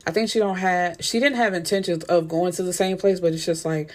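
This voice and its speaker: A woman giving a casual recap of a novel, with blunt, slangy, animated commentary. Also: on the low side, a little fast. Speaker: book reviewer.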